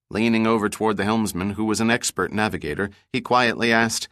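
Low-voiced man narrating a thriller. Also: dry recording, clean studio sound. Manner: even, measured storytelling. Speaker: audiobook narrator. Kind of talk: scripted narration.

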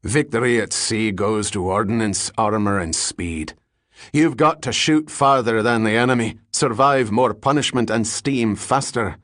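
A man's voice: fairly low pitch, unhurried, a bit bright, no room sound, clean studio sound. A man voicing a big, jovial, drunk Scottish ex-boxer in his forties, with a Scottish accent and a hearty, rolling way of talking. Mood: scoffing. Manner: hearty, evasive, rolling speech.

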